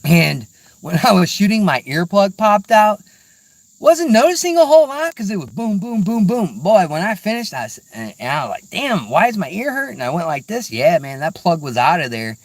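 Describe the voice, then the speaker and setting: He has a high, sing-song voice and talks fairly quickly, with no room sound. A middle-aged hunting vlogger in the woods, he keeps things casual and rambling, peppered with "dude" and "man."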